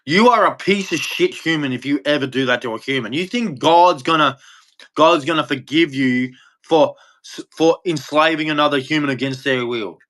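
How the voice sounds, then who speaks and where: A man's voice: on the high side, normal speed, a bit bright. A man with an Australian accent delivering a heated, profane rant as host of a live stream. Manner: angry, profane, blunt ranting. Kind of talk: ranting monologue.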